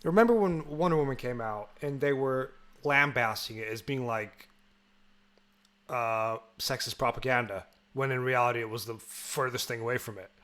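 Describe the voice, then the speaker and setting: A man's voice: medium pitch, moderate pace, fairly bright tone. Young man, podcast host, from the UK, casual chat, frequent restarts. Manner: chatty, stumbling restarts, laughs easily.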